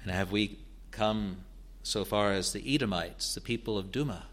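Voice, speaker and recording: A man preaching an expository sermon in a deliberate, earnest way, building to emphatic rises. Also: lowish voice, fairly bright tone.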